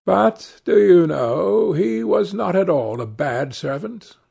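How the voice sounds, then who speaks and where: A man reading aloud, voicing a petulant, languid young gentleman in an airy, careless tone. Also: high-pitched, lively intonation, slow pace, gravelly, husky, voice pushed up, heavily acted.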